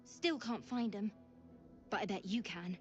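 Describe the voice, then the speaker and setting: A woman's voice: medium pitch, a little slow, soft background music, lightly acted. A woman voicing an earnest, hopeful orphaned young girl in a video game, with folksy, rustic speech. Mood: pleading. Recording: dull game audio capture.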